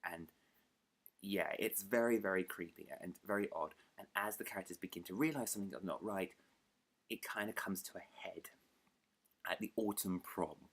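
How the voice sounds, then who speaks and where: A man's voice: low-pitched, moderate pace, a bit bright, slightly rough. A young British man chatting to camera as a book vlogger, rambling and self-deprecating, often restarting his sentences. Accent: British English. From United Kingdom. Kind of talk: casual chat to camera.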